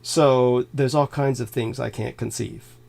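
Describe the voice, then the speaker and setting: A man's voice: mid-range voice, steady tone, a little slow, gravelly, a little mellow. Man, livestream co-host, lecturing, insistent, talks over others. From California. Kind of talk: livestream conversation.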